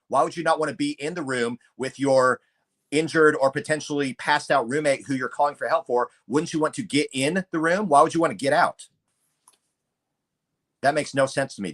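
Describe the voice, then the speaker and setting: A man's voice: mid-range voice, moderate pace. A man hosting a live true-crime show, talking steadily and going through a call transcript. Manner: steady, reads transcript aloud. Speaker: show host.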